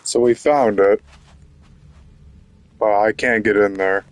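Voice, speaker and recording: A man's voice: fairly low pitch, steady tone, slow pace. A man giving casual commentary while playing a video game, frustrated, rambling and swearing. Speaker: gaming YouTuber.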